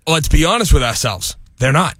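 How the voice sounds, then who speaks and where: A man's voice: a little high, expressive, brisk, a bit bright, husky, dry recording, clean studio sound. Laid-back Boston co-host man. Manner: laid-back, defensive, chuckles often. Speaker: radio co-host. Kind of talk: casual studio banter. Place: radio studio.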